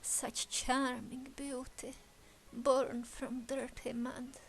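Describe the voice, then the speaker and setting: A woman's voice: high-pitched, flat delivery, extremely slow, slight background noise, exaggerated voice, rough recording. A woman voicing a flamboyant, teasing man who speaks in a theatrical, savoring way. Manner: theatrical, purring, savoring each word.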